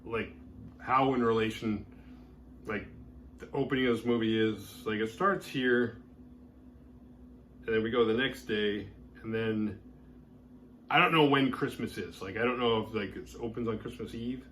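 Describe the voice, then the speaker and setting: A man with a fairly low voice recaps a horror film as a show host. He rambles casually and leans on filler words. A faint room hum sits behind him. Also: moderate pace, long pauses, a bit bright. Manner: rambling, heavy use of "like" fillers. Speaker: horror movie review host.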